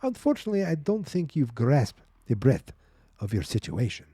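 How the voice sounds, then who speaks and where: A man's voice: medium pitch, very animated, normal speed, dark tone, slightly rough, no echo, studio quality, pitched above the performer's own voice. A man voicing a cold, commanding woman who runs a secret prison lab, with a silky, menacing delivery.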